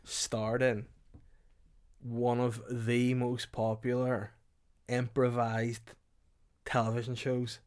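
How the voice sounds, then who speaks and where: A man's voice: medium pitch, slow, long pauses, clean tone. A man hosting a casual podcast chat, teasing and giggly. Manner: giggly, teasing, lively delivery. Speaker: podcast host.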